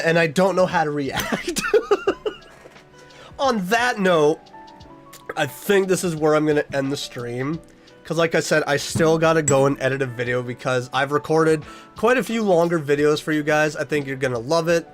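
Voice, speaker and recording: A man's voice: on the high side, sing-song, normal speed, faint music behind. A young man streaming a casual chat with his viewers, earnest and rambling as he reads their messages aloud.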